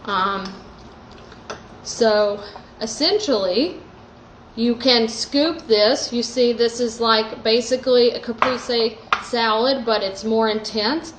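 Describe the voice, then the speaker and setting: A woman hosting a live cooking demo from her home kitchen, chatty and relaxed, with lots of fillers. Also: medium pitch, echoey room, noisy background. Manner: chatty, lots of likes and ums. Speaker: host. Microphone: phone live stream.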